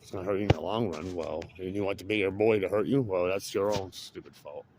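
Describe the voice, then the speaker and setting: Rambling low-voiced man chatting outdoors. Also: a little fast, background noise. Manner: rambling, chuckles often. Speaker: vlogger. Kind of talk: casual chat.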